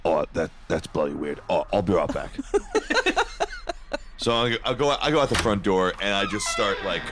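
Low-voiced man, lively and swearing as a tabletop player, over audible background noise. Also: moderate pace. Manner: stammering, laughing, swears often. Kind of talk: tabletop role-play banter.

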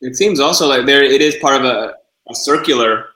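A man's voice: medium pitch, a little fast, a little hiss or hum. Earnest man in an echoey room. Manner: earnest, repeats words while searching for ideas. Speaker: interview guest, project co-founder. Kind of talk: reflective conversational interview talk.

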